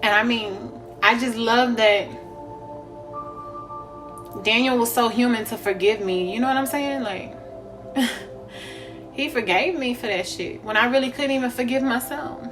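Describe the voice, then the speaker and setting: A woman's voice: on the high side, a little slow, long pauses, music in the background. A young woman, talking bluntly and profanely in a candid vlog monologue, laughing often. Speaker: spiritual vlogger.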